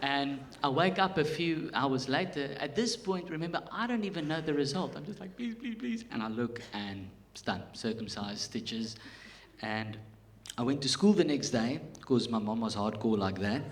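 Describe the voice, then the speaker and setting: Animated South African stand-up comedian. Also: male voice, mid-range voice, moderate pace. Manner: animated storytelling with jumps in volume. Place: theatre stage, live audience. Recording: live theatre recording with hiss.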